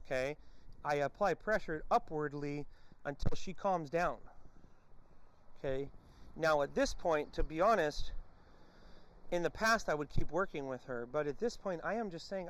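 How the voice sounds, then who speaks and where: A man with a slightly high voice, teaching viewers about dog training as he works a dog outdoors. He breaks off his explanations to bark short, firm commands, then turns back to speak to the audience as "folks". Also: normal speed, a little hiss or hum. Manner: addresses viewers directly as folks. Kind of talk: instructional commentary while training a dog.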